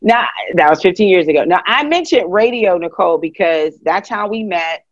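A woman from Pittsburgh with a Pittsburgh accent, hosting a casual chat and telling stories with animated energy. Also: lowish voice, normal speed, no echo, dull audio. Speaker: host.

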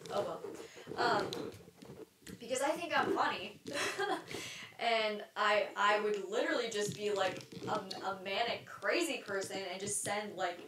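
A woman's voice: medium pitch, fairly bright tone. A young adult woman hosting a solo podcast, talking in a candid, rambling way with lots of fillers, restarts and casual swearing. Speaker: podcast host. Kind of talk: solo stream-of-consciousness podcast monologue. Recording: roomy sound, mic at a distance.

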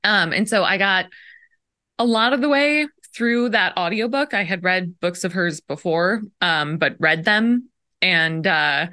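A woman co-hosting a podcast, telling a story in casual, conversational chat with quick short reactions. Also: on the low side, bright, forceful tone. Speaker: podcast co-host.

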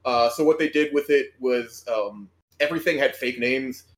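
A man's voice: medium pitch, moderate pace. A man in his thirties chatting casually as a podcast guest, self-deprecating and laughing often. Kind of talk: casual chat.

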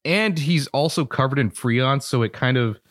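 Man, podcast co-host, mid-pitch, easygoing and hesitant, profane, dry close sound. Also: moderate pace, no echo. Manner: laid-back, profane, hesitant with fillers and laughs. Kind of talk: casual film review chat.

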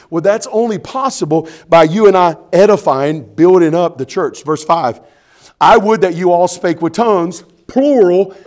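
A man's voice: fairly high pitch, a little mellow. A male pastor, preaching a sermon in an emphatic, folksy way and often asking the congregation if they are ready.

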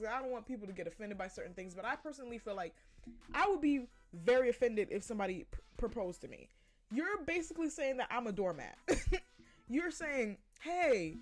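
A woman hosting a podcast, giving her opinions in a blunt, profane, casual monologue and laughing often. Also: a little high. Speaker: podcast host.

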